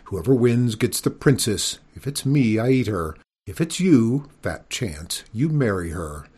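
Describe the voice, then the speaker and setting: A man voicing a grumpy, sleepy, rule-bound dragon in a storybook reading, rumbling and grumbling, with a husky voice. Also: sing-song, measured pace, a little mellow. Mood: growling.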